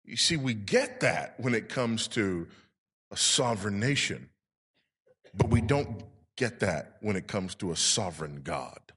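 A man's voice: on the low side, expressive, a little slow, fairly bright tone, slightly rough. A male pastor preaching a sermon with emphasis, putting rhetorical questions to his congregation. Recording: long reverb in a large hall.

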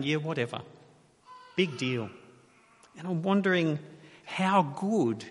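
A man preaching a sermon, measured and emphatic, asking rhetorical questions with long pauses. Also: on the high side, a bit bright. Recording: reverberant hall.

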